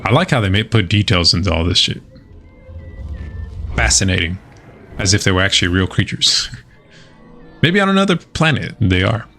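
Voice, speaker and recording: A middle-aged man with a low, gravelly voice chats loosely while streaming a game. He rambles through stories, cursing freely and stumbling over restarts. Faint game music plays behind him. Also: expressive, pushed and bright. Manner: rambling storyteller, swears freely, halting restarts. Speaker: gaming streamer. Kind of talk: casual livestream chat over gameplay.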